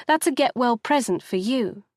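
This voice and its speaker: A woman's voice: animated, normal speed, no room sound, clean studio sound, natural voice. Woman voicing a blunt, awkward teenage girl. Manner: high, bright and offhand.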